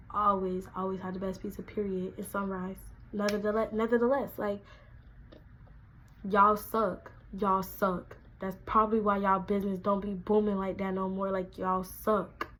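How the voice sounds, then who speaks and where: A young woman, telling a casual storytime, animated and acting out quotes in a raised voice. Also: mid-range voice, normal speed, a little hiss or hum, poor audio. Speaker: vlogger.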